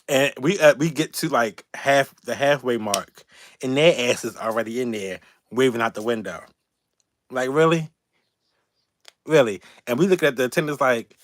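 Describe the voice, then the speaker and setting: Man, animated storytelling, laughing and cussing, dry close sound. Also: mid-range voice, normal speed, no room sound. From Baltimore, Maryland. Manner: animated, laughing, profane, quoting others in raised voices. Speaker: YouTube channel host. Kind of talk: casual storytelling livestream.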